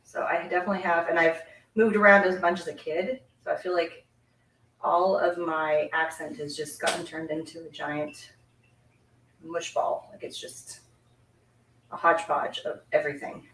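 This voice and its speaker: A middle-aged Canadian woman hosts a casual live card-making demo, chatting and giggling as she works. Her voice sits low and a bit bright, with a level tone and moderate pace, recorded in an echoey room with the mic set at a distance.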